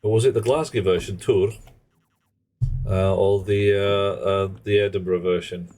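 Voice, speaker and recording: A man's voice: lowish voice, fairly even intonation, normal speed, a little mellow, soft background music. A man chatting casually on a live game stream, rambling and joking in muttered asides. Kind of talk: casual live-stream chat while gaming.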